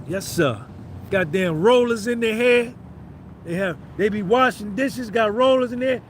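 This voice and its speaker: High-voiced profane New Jersey man. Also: moderate pace, fairly bright tone, a little hiss or hum. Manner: profane, rambling, banters with chat. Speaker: livestream host. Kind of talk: casual livestream chat with viewers.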